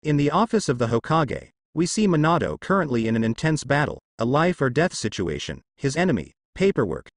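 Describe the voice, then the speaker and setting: A man narrating fan fiction in an expressive, lightly humorous storybook reading. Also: a little high, brisk, few pauses, dry recording, clean studio sound.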